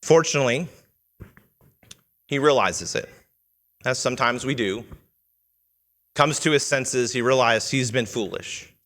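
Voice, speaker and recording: A man's voice: medium pitch, animated, a little slow, long pauses, fairly bright tone. Man preaching in a reverberant church hall. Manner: earnest, teaching, with quoted lines read in character. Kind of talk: sermon. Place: church sanctuary.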